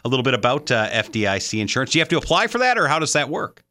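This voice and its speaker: Brisk, lively radio host man. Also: mid-range voice. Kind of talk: radio show host reading call-in details.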